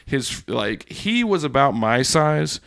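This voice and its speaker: A man co-hosting a casual podcast chat, telling stories in an animated, profane way. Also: mid-range voice, takes it slowly, vocal fry, smooth, dry recording, studio quality. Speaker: podcast co-host.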